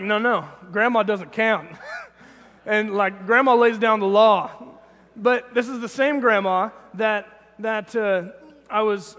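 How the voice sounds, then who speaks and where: A young man with a high voice preaches a casual sermon, telling stories with lots of halting restarts and growing animated. His voice rings out with a long reverb in a church hall. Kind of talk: informal sermon with personal story. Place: church sanctuary.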